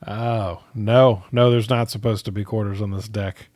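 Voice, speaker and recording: A man's voice: lowish voice, steady tone, normal speed, darkish tone. Hesitant man playing a tabletop game. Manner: hesitant, thinking aloud. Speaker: player. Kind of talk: casual tabletop role-play.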